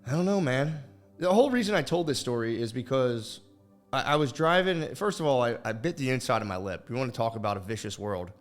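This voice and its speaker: A man's voice: medium pitch, animated, brisk, soft background music. A man hosting a podcast, telling a meandering story casually and profanely. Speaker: podcast host. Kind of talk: rambling storytelling.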